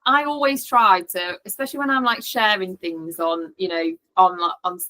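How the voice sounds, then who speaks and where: A woman's voice: mid-range voice, normal speed, sharp tone. A woman guest in a casual chat, agreeing and thinking aloud with lots of fillers.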